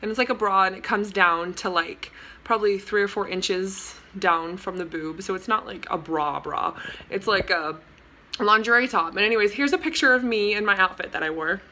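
A young woman tells a fan story to her camera, bubbly and breathless, scattering "like" and "oh my god" through every sentence. Her voice sits at a middling pitch with a bright, forward tone. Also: moderate pace, slight background noise. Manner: gushing, excitable, lots of "like" and "oh my god". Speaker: vlogger. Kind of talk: casual storytime vlog.

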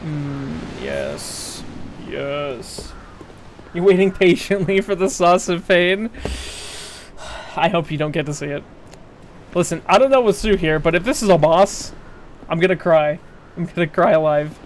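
A man's voice: a little high, measured pace, long pauses, a little hiss or hum. A young man commenting live on his gameplay, yelping and pleading in danger and joking with sarcastic bravado. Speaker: streamer.

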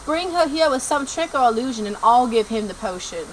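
A woman's voice: a little high, expressive, a little fast, slight background noise, lightly acted, poor audio. Woman playing a bossy wizard professor. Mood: commanding. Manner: imperious, issuing orders. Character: commanding male wizard professor.

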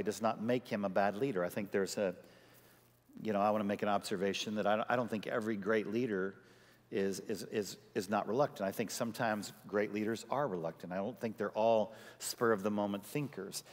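A male pastor preaching a sermon, telling a personal story with lively quoted voices. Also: lowish voice. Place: large church sanctuary. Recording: church hall reverb.

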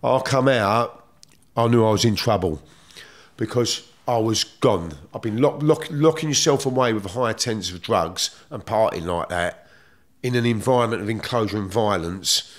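A man's voice: lowish voice, moderate pace. A middle-aged man with a London accent, telling stories from his past in blunt, streetwise slang, swearing freely. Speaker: guest. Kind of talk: casual storytelling.

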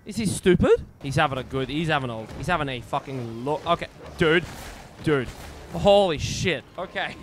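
Excitable, swearing man streaming. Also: a little high, moderate pace, slight background noise. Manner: profane, excitable, swears at the game. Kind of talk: live gameplay commentary.

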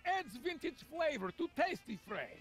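Jumpy cartoon store clerk, squeaky and gravelly, voice jumps all over. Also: male voice, very animated, normal speed, soft background music. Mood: gruff. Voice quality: high gravelly voice. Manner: broken English, drops articles. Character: jittery male shopkeeper faking Russian.

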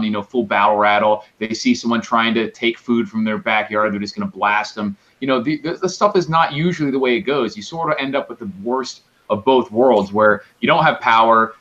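A man co-hosting a prepping chat in a measured, explanatory way. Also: medium pitch, fairly bright tone, highs cut off. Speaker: co-host of a prepping livestream. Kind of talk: casual chat, reading viewer questions.

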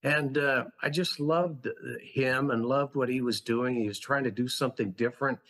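A man's voice: medium pitch, normal speed, fairly bright tone. Earnest, passionate man telling his story. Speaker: podcast guest, school founder. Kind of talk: conversational storytelling.

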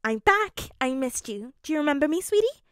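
A woman voicing a bubbly, excited teenage girl who gushes and teases, in a fanfic audiobook reading. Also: very high-pitched, moderate pace, no room sound, clean studio sound, pitched above the performer's own voice. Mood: gushing. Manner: gushing, squealing, teasing.

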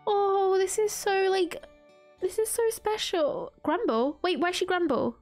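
High, bubbly woman gaming streamer. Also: unhurried, faint music behind. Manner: excitable and gushing, with frequent gasps and laughs. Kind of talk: casual let's-play commentary.

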